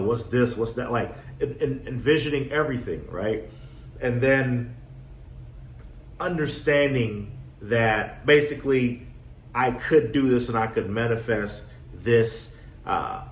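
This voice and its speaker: A man coaching on real estate wholesaling in a casual motivational talk, acting out his own past with lively energy. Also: medium pitch. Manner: animated storyteller, acts out his younger self. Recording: echoey room, faint background noise.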